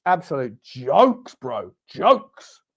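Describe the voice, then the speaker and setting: Excitable high-voiced football fan. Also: male voice, very slow. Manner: excitable, swearing, shouting at the game. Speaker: fan channel host. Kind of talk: live match watchalong commentary.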